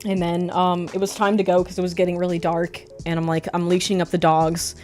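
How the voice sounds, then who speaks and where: A young woman streamer telling a story casually, rambling with frequent swearing and quick asides. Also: lowish voice, little pitch movement, a little mellow.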